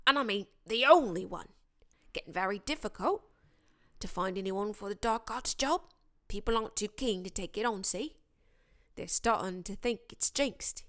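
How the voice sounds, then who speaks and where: A woman reading an audiobook, voicing a huge, gruff but kindly male gamekeeper in a loud, hearty, blunt way. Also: medium pitch, lively intonation, moderate pace, lightly acted.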